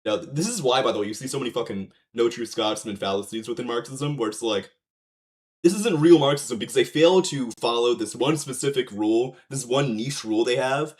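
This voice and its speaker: A man's voice: mid-range voice, a little fast, a little mellow. Profane rambling male streamer. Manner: rambling, profane, frequent fillers and restarts. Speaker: streamer reacting to a video. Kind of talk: casual livestream commentary.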